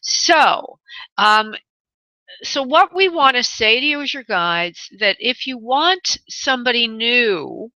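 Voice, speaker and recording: Bright-voiced woman giving psychic radio readings. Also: on the high side, lively intonation, no room sound, lo-fi sound. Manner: soothing, calls callers honey and love; thinks aloud, pauses to tune in. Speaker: radio show host and spirit medium.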